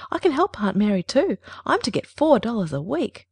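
A woman puts on a seventeen-year-old girl from an old storybook, lifting her voice well above her own. She talks in a doleful, gushing way and sounds a little gravelly. The recording is close and dry. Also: on the high side, sing-song, normal speed, darkish tone, dry recording, pitched above the performer's own voice, exaggerated voice. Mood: eager. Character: wistful dramatic girl of seventeen.

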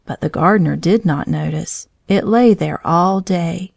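A woman reading a children's story aloud, in a gentle, clear storytelling manner. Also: fairly low pitch, unhurried, no room sound.

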